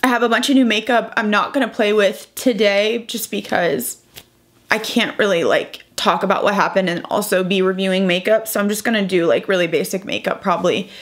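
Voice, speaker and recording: A young woman beauty vlogger talking through a chatty get-ready-with-me, emotional and halting, close to tears. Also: medium pitch, steady tone. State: close to crying.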